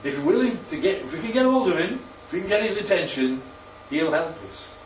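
Fast, high-pitched, and very animated, the man preaching keeps his congregation involved by asking questions and repeating their answers. There's a little hiss or hum over the distant, muffled, roomy hall recording.

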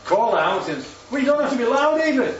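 Brisk and very high-voiced, with large swings in pitch, a man delivers an interactive sermon where he puts questions to the congregation and repeats what they answer. Crowd noise accompanies a distant, muffled, roomy hall recording.

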